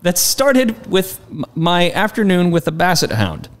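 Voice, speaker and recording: A man's voice: high voice, very animated, measured pace. A man co-hosting a podcast, with an Oklahoma accent, joking in casual chat and laughing often. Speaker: podcast co-host.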